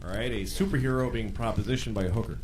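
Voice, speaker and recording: A man doing a stand-up comedy routine on a club stage, animated and sometimes shouting. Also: on the low side, fast. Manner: animated, bursts into shouted impressions. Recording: live club with crowd laughter and noise. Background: audience laughing.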